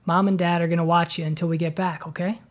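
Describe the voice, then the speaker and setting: Storybook grandma: kind and in a rush, soft and plain; author doing her lines in a reading. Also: mid-range voice, level tone, fast talker, natural voice. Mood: gentle.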